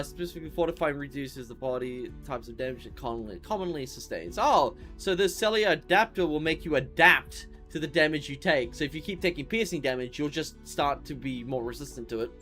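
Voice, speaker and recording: A sleepy man streaming a game, reading out menu items and rambling in a tired, offhand way. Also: medium pitch. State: sleepy, yawning. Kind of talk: casual gameplay commentary.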